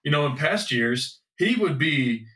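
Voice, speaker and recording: A man's voice: on the high side, animated, a little slow, bright, forceful tone. A man co-hosting a podcast in casual sports chat, loose and rambling, now and then swearing. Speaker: podcast co-host. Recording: echoey room, mic at a distance.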